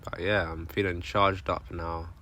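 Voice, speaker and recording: Deep-voiced young man vlogging. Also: level tone, unhurried, pushed and bright. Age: 20s. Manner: earnest, self-motivating, repeats phrases. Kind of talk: personal video diary. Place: various, including outdoors at a grave.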